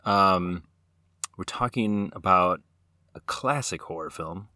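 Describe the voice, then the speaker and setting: A man's voice: sits low, slow, pushed and bright, no room sound, studio quality. A man hosting a horror movie podcast, chatting casually with many fillers and restarts. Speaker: podcast host. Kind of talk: casual chat.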